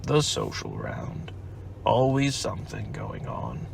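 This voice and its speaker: A man's voice: on the low side, wildly swooping pitch, creaky, slight background noise, pitched below the performer's own voice, heavily acted. Eeyore, a gloomy old donkey, as a man reads him. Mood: doleful. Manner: slow, doleful, pompous speechmaking. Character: gloomy old male donkey, self-pitying.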